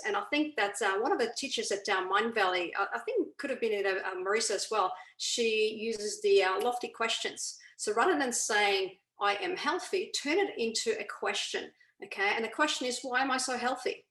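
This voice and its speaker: A woman's voice: medium pitch, normal speed, a bit bright. A woman explaining ideas on a video call as a guest coach, who keeps checking in with "okay?". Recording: roomy echo.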